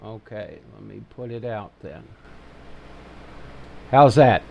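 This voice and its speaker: He takes his time, speaking in a lowish, creaky voice; the recording has its highs cut off and slight background noise. This Ohio-accented host of a relaxed live trading webinar jokes with viewers as he adjusts his desk mic and fusses over the levels.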